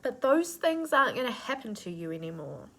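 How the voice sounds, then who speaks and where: A woman's voice: a little high, very animated, fairly quick, gravelly, fairly bright tone. A woman giving a channeled spiritual reading, earnest and nurturing, with casual swearing mixed into her affirmations. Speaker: intuitive reader.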